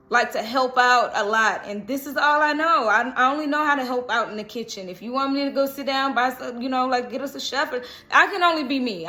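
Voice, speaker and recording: Chatty tarot lady, bright kinda high voice, rambles and laughs a lot, sings bits here and there. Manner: chatty, laughs often, bursts into snatches of song; lively, rambling and self-correcting. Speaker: tarot horoscope reader. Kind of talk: casual tarot reading to camera.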